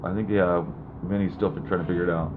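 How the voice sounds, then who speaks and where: A man's voice: low-pitched, fairly even intonation, brisk. A man hosting a casual live call-in stream, laid-back and rambling, with lots of fillers. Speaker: live show host. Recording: phone-like lo-fi with noise.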